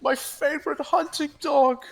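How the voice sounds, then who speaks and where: A man's voice: very high voice, steady tone, measured pace, gravelly, voice pushed up, full character voice. A man doing a wailing, grief-stricken nobleman. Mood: anguished. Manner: wailing, theatrical. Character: melodramatic grieving man mourning his dog. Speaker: game master.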